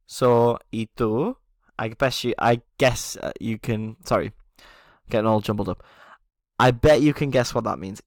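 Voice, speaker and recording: A man's voice: fairly low pitch, measured pace, no echo, clean studio sound. A man teaching a beginner language lesson, explaining patiently, often checking in with "okay?" and chuckling at himself.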